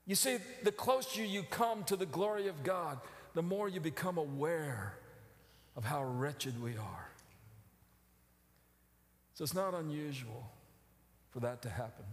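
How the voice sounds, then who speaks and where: Middle-aged male preacher with a high voice, alternating hushed reflection and impassioned emphasis, recorded in a reverberant sanctuary. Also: animated, measured pace, long pauses. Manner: builds from low reflective tones to loud, emphatic outcries. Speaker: pastor. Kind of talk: sermon. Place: church sanctuary.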